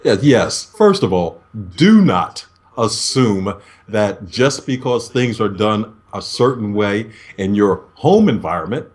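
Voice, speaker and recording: A negotiation expert, male, is interviewed by video call, giving measured explanations and performing example phone greetings. He sounds very animated, with a lowish, somewhat dark voice.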